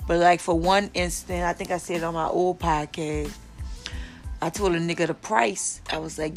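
A woman's voice: lowish voice, fairly even intonation, moderate pace, faint music behind. A young woman hosting a casual solo podcast from her bed, telling stories in a blunt, profane way and quoting the people in them. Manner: blunt, profane, storytelling with quoted voices. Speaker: podcast host. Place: lying in her bed at home.

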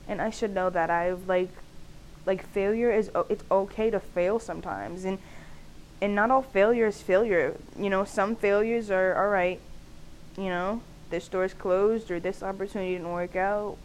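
A woman's voice: medium pitch, steady tone, moderate pace, slight background noise, rough recording. A young woman hosting her own podcast, talking candidly in a loose, chatty way, full of "like" fillers and laughter. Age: young adult. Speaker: podcast host. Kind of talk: casual solo podcast monologue.

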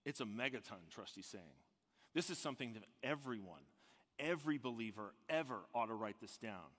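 A man preaching a sermon as pastor, swinging from loud emphatic peaks down to a hushed near-whisper. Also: mid-range voice, lively intonation, a little fast, in a large hall.

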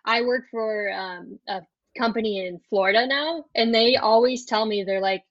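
A woman's voice: a little high, moderate pace, no room sound, muffled recording. A woman from South Dakota with an Upper Midwest accent, a pharmacist guest chatting casually in an interview and laughing often. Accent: Upper Midwest, Minnesotan.

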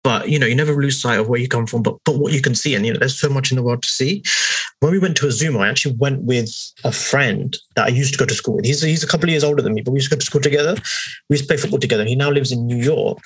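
A young man with a London accent talks fast and loose, swearing and acting out other people's voices as he tells stories. His voice is a little husky, with a middling pitch. The recording is close and dry. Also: no echo, rough recording. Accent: London English. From England. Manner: animated, swearing, acts out voices in quotes. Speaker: podcast co-host. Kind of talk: casual storytelling chat.

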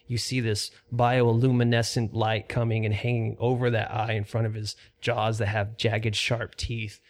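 A man narrating a tabletop role-playing game as game master, describing scenes in a calm, even way with fillers. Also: lowish voice, normal speed.

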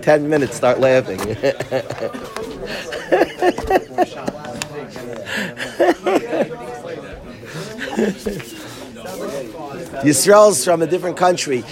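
A rabbi with a voice on the high side gives a casual Torah class to students in a room. He tells stories animatedly, acts out quotes, and laughs often.

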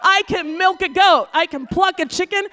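A woman, telling a frank, profane personal story with lively delivery. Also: extremely high pitch, normal speed. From California, USA.

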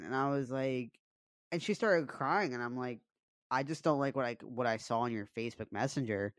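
A man's voice: mid-range voice, normal speed, fairly bright tone, dry recording. A young man co-hosting a podcast, telling a personal story in a casual, confessional way, full of fillers and swearing. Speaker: podcast co-host.

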